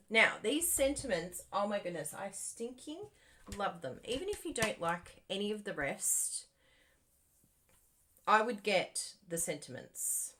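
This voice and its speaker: A woman's voice: mid-range voice, big pitch swings, unhurried, bright, forceful tone. A woman demonstrating card-making live, chatting and thinking aloud as she works and talking straight to her viewers. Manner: talks to viewers directly. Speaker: crafting demonstrator.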